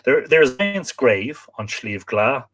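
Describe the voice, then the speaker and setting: Irish male host, live-stream book reader, mid-pitched voice, chatty asides to viewers. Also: very animated, measured pace, a bit bright. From Ireland. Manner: spells out place names letter by letter, chatty asides to viewers.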